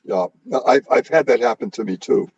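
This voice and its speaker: A man interviewing a guest in a conversational, halting way with many fillers. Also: mid-range voice, vocal fry, highs cut off, a crowd in the background. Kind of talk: casual interview talk.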